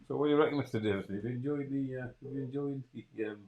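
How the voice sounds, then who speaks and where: A man's voice: mid-range voice, quick pace, narrow, tinny audio, background noise. A man with a Geordie accent co-hosting a comedy show, matey and blustery, who keeps repeating his phrases. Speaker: co-host. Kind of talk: comic banter.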